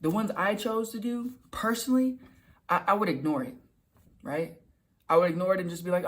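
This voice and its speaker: Casual-talking man with a slightly high voice. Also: fairly bright tone. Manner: conversational, repeats himself, acts out quick quoted lines. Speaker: self-help video host. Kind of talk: casual motivational talk to camera.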